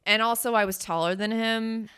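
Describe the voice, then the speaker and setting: A woman's voice: a little high, steady tone, normal speed, a bit bright, clean tone. A young woman co-hosting a podcast, telling a bar story in casual chat, swearing and acting out quotes. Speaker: podcast co-host.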